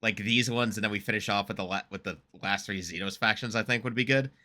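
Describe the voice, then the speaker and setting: A man's voice: lowish voice, fast talker, sharp tone. An American man giving casual, rambling reaction commentary, laughing often and poking fun at himself. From United States. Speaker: reaction streamer.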